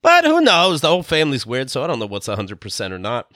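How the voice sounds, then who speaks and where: A man co-hosting a podcast in casual chat, animated and crude with laughing asides. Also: fairly high pitch, a little fast, hardly any pauses, no echo, studio quality. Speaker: podcast co-host.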